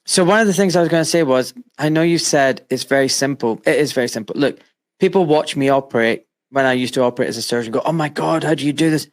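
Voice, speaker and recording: Middle-aged guy hosting a chat from his home studio, animated, acts out what people said. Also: medium pitch, quick pace. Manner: animated, emphatic storytelling with acted-out quotes. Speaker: host. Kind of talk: casual interview chat.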